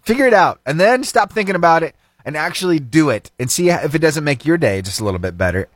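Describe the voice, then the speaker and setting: A man's voice: on the high side, sing-song, quick pace, dry recording, clean studio sound. A male radio host telling a feel-good story in an upbeat way, laughing often and acting out the dialogue he quotes.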